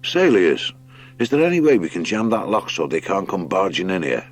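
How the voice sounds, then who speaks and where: A man voicing an old male boxing hare who gives brisk orders in a storybook reading. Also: deep voice, very animated.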